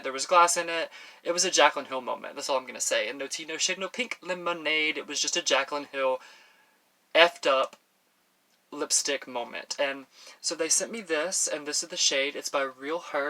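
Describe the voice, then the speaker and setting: A man's voice: a little high, sharp tone. A man from Texas talking casually to camera while doing his makeup, rambling with many restarts and fillers. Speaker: beauty vlogger. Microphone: professional audio on camera.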